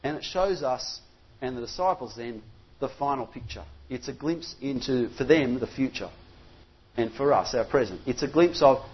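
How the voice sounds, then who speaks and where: A middle-aged pastor delivers a sermon in a fairly high, husky voice, chatty and full of little restarts before he builds into emphatic repetition. The recording is dull and lo-fi.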